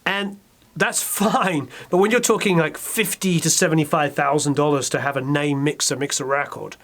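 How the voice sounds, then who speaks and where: A middle-aged man with an English accent chats as an interview guest, his voice sitting a little high. He tells stories with animation, tossing in quick asides and acting out quotes. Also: fairly even intonation, fairly bright tone. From England. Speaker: record producer, interview guest. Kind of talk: casual interview chat.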